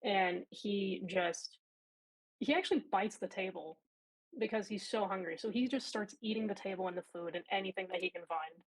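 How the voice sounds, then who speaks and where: A woman player describes her monster character's actions in a vivid, playful way. Her voice sits in a middle pitch for a woman. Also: normal speed, rough recording.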